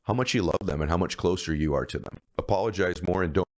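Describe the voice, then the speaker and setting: Man in his fifties, very deep voice, earnest motivational speaker telling stories. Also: fast. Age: 50s. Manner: earnest, emphatic, storytelling. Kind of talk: motivational speech.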